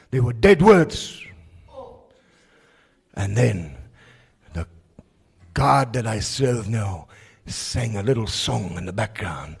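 A South African man preaching a fervent testimony sermon at a service in a prison, with a raspy voice. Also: fairly low pitch, sing-song, slow pace. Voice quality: raspy, gravelly voice.

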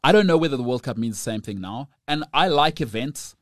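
Quick, stammering male podcast host. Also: medium pitch, expressive, no room sound, clean studio sound. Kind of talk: casual chat.

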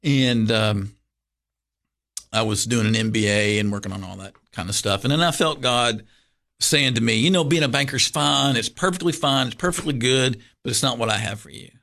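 A middle-aged man with a soft drawl and a bright, forward tone. He talks as a guest pastor in a relaxed interview. He winds through an anecdote with plenty of fillers and false starts. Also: mid-range voice, normal speed, creaky. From Kentucky, USA. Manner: rambling, animated storyteller with many fillers and restarts. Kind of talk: casual storytelling interview.

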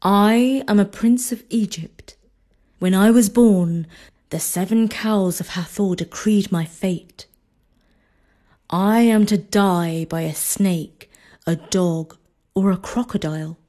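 A woman's voice: mid-range voice, slow, dark tone, close to an everyday voice. A woman voicing an earnest, loyal young prince in a storybook reading, speaking plainly and sincerely.

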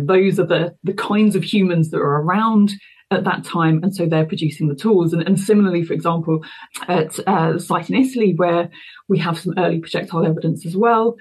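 In poor audio, a university researcher answers interview questions, a woman explaining thoughtfully and carefully with fillers and restarts. Her voice sits on the low side and sounds husky and a little mellow.

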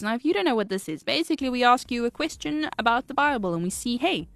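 A woman's voice: fairly high pitch, animated, vocal fry, a bit bright. A young South African woman co-hosting a youth radio show, chatting casually and reading out a quiz. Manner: chatty, quick asides, slows to read quiz options. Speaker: radio co-host.

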